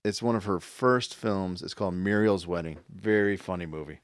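A man's voice: low voice, normal speed, clean tone, no room sound, clean studio sound. A man in casual chat, making laid-back offhand remarks.

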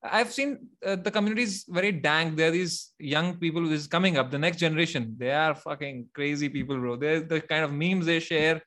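High-voiced animated young Indian man. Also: a little fast, hardly any pauses. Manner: animated, swears casually, laughs often. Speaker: host. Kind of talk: casual chat.

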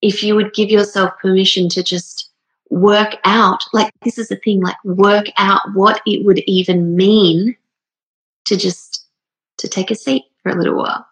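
A woman's voice: mid-range voice, flat delivery, measured pace, low-quality recording. A woman in her thirties telling a personal story in a casual, earnest, rambling way with many fillers, emotional and near tears. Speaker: speaker sharing a personal story. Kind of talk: casual heartfelt monologue.

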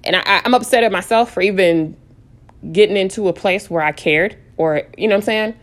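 A woman chats through a casual storytime, retelling a back-and-forth with a friend. She talks in an animated, looping way, stumbling over restarts and circling back to "I was like." Her voice sits at an ordinary middle pitch for a woman. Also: brisk. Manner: frequent restarts and repeated phrases. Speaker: vlogger.

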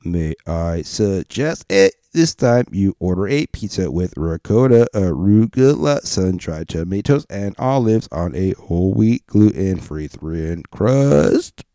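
A man doing a mock robot voice for a male pizza-ordering AI, flat and matter-of-fact, while reading a joke aloud. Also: sits low, slow pace, hardly any pauses, no room sound, studio quality, full character voice.

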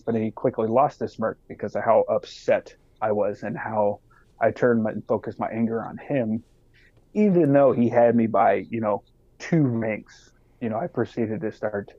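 A man's voice: mid-range voice, dry recording, muffled recording. A man who is a podcast guest and army sergeant, telling a story casually, swearing and acting out the voices of other people. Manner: profane, animated, acts out quoted voices.

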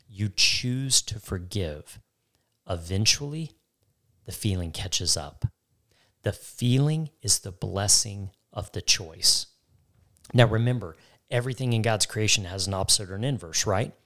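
Man, very low voice, earnest co-host sharing testimony, emphatic repetition. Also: fairly bright tone. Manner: earnest, emphatic, repeats phrases for weight. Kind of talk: faith talk, personal testimony.

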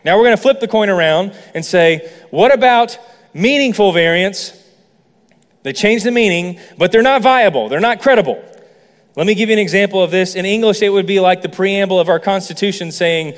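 A man's voice: high-pitched, moderate pace, in a large hall. A man preaching a sermon as a pastor, explaining points with playful asides to the congregation. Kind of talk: sermon teaching.

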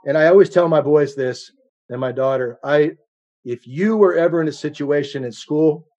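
A man's voice: medium pitch, darkish tone, muffled recording. Earnest middle-aged male preacher. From United States. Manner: earnest, personal storytelling with shifting intensity. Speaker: guest preacher. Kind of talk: sermon.

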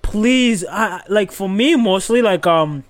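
A young man hosting a podcast, recapping a reality show in an animated, profane way full of fillers. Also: high-pitched, takes it slowly. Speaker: podcast host.

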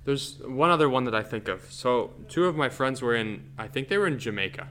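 A man's voice: mid-range voice, lively intonation, brisk, fairly bright tone, a little hiss or hum. A man co-hosting a podcast, telling eerie stories in a rambling, casual way and laughing easily. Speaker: podcast co-host. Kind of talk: casual storytelling chat.

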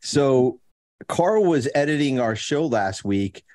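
A man hosting a recovery podcast in casual, joking chat, rambling with many fillers and restarts and clearing his throat. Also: medium pitch, animated, takes it slowly, darkish tone. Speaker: podcast host.

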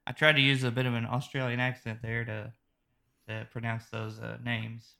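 A man's voice: medium pitch, completely flat delivery, moderate pace, creaky, sharp tone. A man hosting a casual movie review podcast, chatty and joking. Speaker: podcast host.

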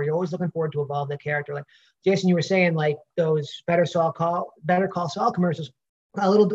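A man's voice: fairly high pitch, muffled recording. A man with a Brooklyn accent, a pro wrestler answering interview questions in a rambling way with many fillers and restarts.

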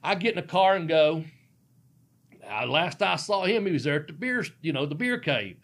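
A man's voice: fairly high pitch, expressive, moderate pace, a bit bright. A middle-aged man, a former pro wrestler, telling a rambling, profane story and laughing often. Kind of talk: casual storytelling.

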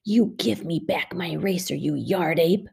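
A woman's voice: lowish voice, normal speed, creaky, dark tone, breathy edge, full character voice. A woman reading aloud and voicing a spunky, stubborn eight-year-old girl who talks in a feisty way.

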